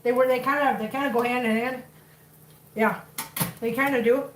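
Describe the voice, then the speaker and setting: A woman's voice: on the high side, steady tone, moderate pace. A woman with a Minnesotan accent chatting casually while she cooks at home on a livestream, laughing often and reading out viewer comments. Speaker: livestream cooking host. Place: home kitchen. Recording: echoey room, distant mic, noisy.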